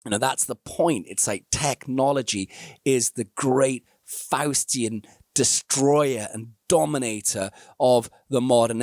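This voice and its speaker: A man, a musician, talks through his reaction to an ad in reflective commentary and slips into animated storytelling with voiced characters. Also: mid-range voice, no room sound, clean studio sound.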